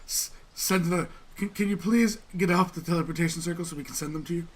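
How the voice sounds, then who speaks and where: A man's voice: fairly high pitch, quick pace, lightly acted. A man voicing a polite, patient male teleportation mage in a tabletop game, courteous and reassuring. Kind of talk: in-character tabletop role-play.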